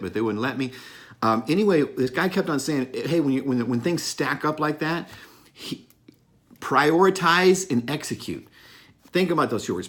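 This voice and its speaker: A middle-aged man talking straight to his listeners in an unscripted motivational monologue. He is blunt and emphatic, swears freely and repeats his key points. His voice sits at an ordinary middle pitch for a man. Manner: blunt, profane, emphatic, laughs at himself. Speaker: motivational speaker.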